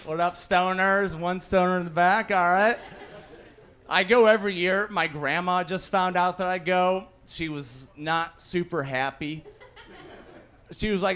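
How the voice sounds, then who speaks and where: A man's voice: high-pitched, fairly even intonation, a little slow, a bit bright. Casual swearing stand-up comic, man. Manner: casual, swearing, acts out quotes. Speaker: stand-up comedian. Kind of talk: stand-up set. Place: comedy club stage with live audience.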